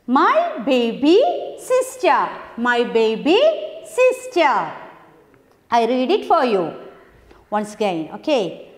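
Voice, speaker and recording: A woman teaches English to young children, speaking slowly and repeating her questions to draw out answers. Her voice is high and swings widely in pitch. The room is echoey, with a long reverb trailing each phrase. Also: huge pitch swings. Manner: slow, repetitive, coaxing questions. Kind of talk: classroom lesson to young pupils.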